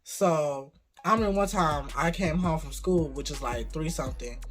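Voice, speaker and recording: A young adult vlogger telling a casual story about their first job, cursing freely and getting animated. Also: medium pitch, moderate pace, soft background music.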